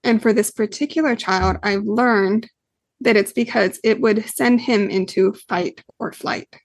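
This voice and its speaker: A woman's voice: mid-range voice, measured pace, dry recording. A woman guest on a podcast interview who explains parenting earnestly, with frequent fillers. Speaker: guest expert, parenting coach.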